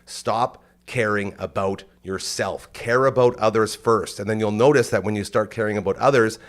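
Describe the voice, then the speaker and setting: A man co-hosts a community podcast in easy casual chat, giving encouraging pep talks about caring for others. His voice sits on the low side for a man. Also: moderate pace. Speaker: podcast co-host.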